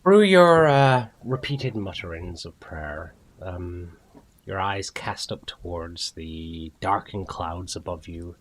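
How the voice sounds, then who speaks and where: A man's voice: low voice, animated, takes it slowly. A man running a tabletop game as game master, narrating scenes descriptively with fillers.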